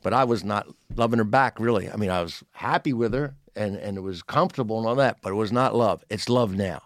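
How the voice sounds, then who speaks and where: A man's voice: on the low side, brisk, dry recording, clean studio sound. A man in his sixties, a comedian guest on a podcast, telling a long story in casual chat and acting out the lines of people in it. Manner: animated storyteller, acts out quotes.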